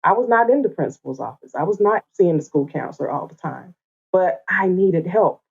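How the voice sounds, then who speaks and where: A woman from the Atlanta area, a podcast guest, chatting casually with animated, playful storytelling. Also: fairly low pitch, fairly quick, gravelly, husky. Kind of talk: casual conversation. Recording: dull lo-fi remote audio.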